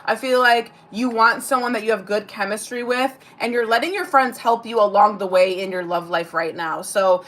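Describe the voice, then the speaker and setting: A woman's voice: medium pitch, moderate pace, few pauses, fairly bright tone. A woman giving a casual live-streamed tarot reading. She chats, swears freely and answers viewer comments aloud between card pulls. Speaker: tarot reader.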